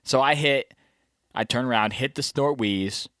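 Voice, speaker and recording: A man with a bright, forceful voice recounts a hunt in loose, slangy chat. He talks animatedly and voices the deer's thoughts as he goes. The sound is dry and close. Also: medium pitch, a little slow, dry recording. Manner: slangy, peppered with "you know what I mean". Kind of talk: casual chat.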